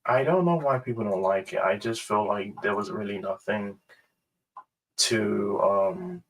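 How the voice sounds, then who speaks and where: A man hosting a casual ranking review, rambling and hesitant with many pauses and fillers. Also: fairly low pitch, distant mic, poor audio. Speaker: host.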